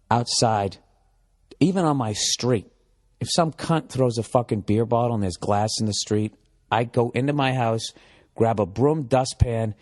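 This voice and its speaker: A man in his forties hosting a comedy podcast from home, rambling in a profane, animated monologue and slipping into mocking voices. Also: medium pitch. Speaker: podcast host. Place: home room with window.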